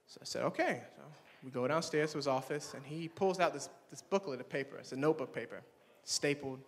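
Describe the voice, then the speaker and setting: High-voiced young man doing stand-up. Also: a little fast. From Swannanoa, North Carolina. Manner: animated storytelling, acting out friends in higher voices. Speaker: stand-up comedian. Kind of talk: stand-up comedy set. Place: campus performance hall. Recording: long hall reverb.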